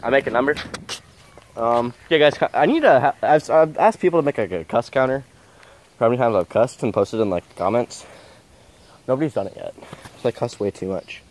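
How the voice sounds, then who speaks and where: Young dude vlogging outside in the country, jokey, swears a lot, voice bouncing all over the place. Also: male voice, medium pitch, fairly quick, long pauses. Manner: excitable, jokey and heavily profane. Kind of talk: casual vlog chat.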